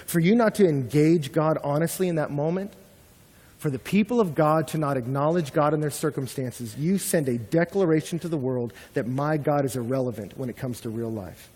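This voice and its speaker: A young man preaching a sermon with animated delivery, acting out quoted complaints. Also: a little high, brisk. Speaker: pastor. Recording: long hall reverb.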